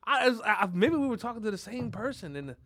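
Male podcast co-host, animated storyteller, bright voice, profane. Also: high-pitched, fast. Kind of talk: casual chat.

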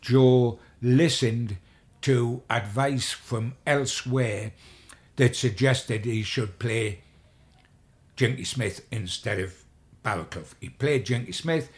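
Gravelly older man telling old stories. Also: lowish voice. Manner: rambling with repeated restarts. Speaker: sports journalist. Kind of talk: anecdotal interview storytelling.

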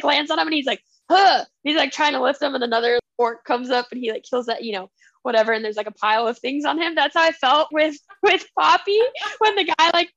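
A woman's voice: sits high, dry recording, dull audio. A woman co-hosting a casual book podcast, animatedly retelling scenes and acting out the characters' lines. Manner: animated retelling, acts out scenes in quoted voices. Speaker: podcast co-host.

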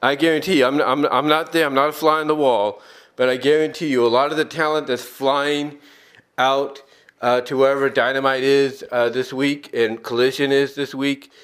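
A man's voice: medium pitch, fairly even intonation, normal speed, a bit bright, clean tone. A man hosting an opinion podcast, talking emphatically and repeating his points for insistence. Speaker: podcast host.

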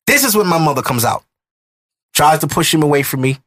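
A man in his thirties hosting a podcast, telling a personal story in an emotional, animated way. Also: fairly high pitch, brisk. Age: 30s. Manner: emotional, animated retelling with acted-out quotes. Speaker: podcast host. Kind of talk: casual storytelling chat.

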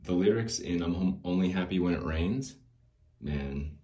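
A man's voice: low voice, normal speed, warm tone, slight background noise. A man in his forties hosting a podcast, talking in a rambling, jokey monologue and laughing often. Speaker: podcast host.

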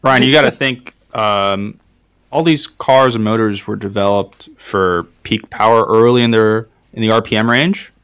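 A man's voice: lowish voice, normal speed, fairly bright tone, clean tone, dry recording. A man co-hosting a casual podcast, eagerly rambling through explanations with many "like"s. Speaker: podcast co-host.

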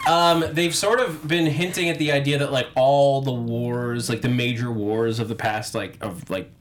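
A man's voice: mid-range voice, steady tone, normal speed, a little hiss or hum. A man hosting a casual fan podcast, chatty and full of "like" fillers. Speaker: podcast host.

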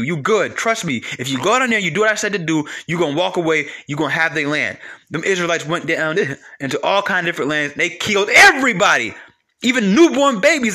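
A man with a high, forceful voice preaches from the Bible in a loose, conversational way. He talks straight to his listeners and keeps driving his points home through repetition. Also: brisk. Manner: animated, talks straight to listeners, repeats for emphasis.

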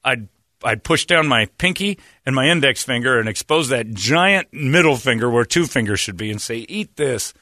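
A man hosting casual studio banter, an animated storyteller who swings his pitch around. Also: moderate pace, no echo. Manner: animated storyteller, jumpy pitch, mock voices.

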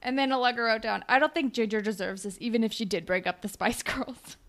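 A woman's voice: on the high side, quick pace, a bit bright. A woman in casual chat, retelling scenes and quoting lines with a laugh. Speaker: podcast co-host recapping a show.

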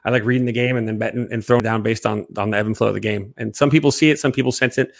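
A young man co-hosting a casual sports chat, rambling and jokey, quick to laugh. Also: on the low side, steady tone, creaky. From Chicago area. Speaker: sports podcast co-host.

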